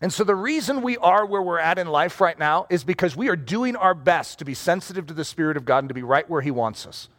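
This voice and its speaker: A man preaching a sermon to a congregation in a conversational, animated way. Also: fairly high pitch, fast talker, hardly any pauses. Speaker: pastor. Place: church hall before a congregation. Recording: long hall reverb.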